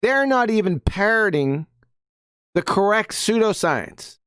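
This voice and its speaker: This live-stream host reads quotes in an unhurried, very animated mid-range voice that's a bit bright and clean in tone. The commentary is combative and mocking, with heavy emphasis and a steady stream of "right?". It's studio quality with no room sound.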